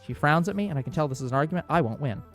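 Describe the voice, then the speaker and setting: A man's voice: a little high, faint music behind. A man hosting a let's play, reading a visual novel's narration aloud with small slips. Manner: quick, steady storybook reading with small slips.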